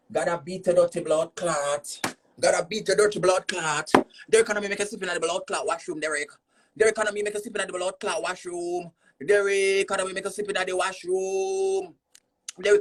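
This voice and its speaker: A woman with a Jamaican accent on a livestream, heatedly cussing someone out in a repetitive, insulting rant. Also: lowish voice. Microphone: phone on a screen-recorded livestream.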